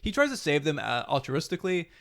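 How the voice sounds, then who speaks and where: A man's voice: on the high side, very animated, gravelly, fairly bright tone. A man co-hosting a podcast, recapping an episode in a rambling, casual way and acting out the characters' lines. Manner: fast, rambling retelling with acted-out quotes and laughs. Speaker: podcast co-host.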